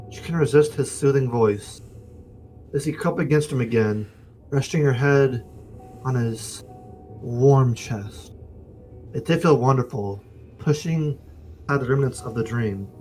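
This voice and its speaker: Male streamer narrating a story game, casual and jokey, even middle voice. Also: medium pitch, rough recording. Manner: casual, joking asides between narrated lines. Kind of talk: reading a visual novel aloud on stream.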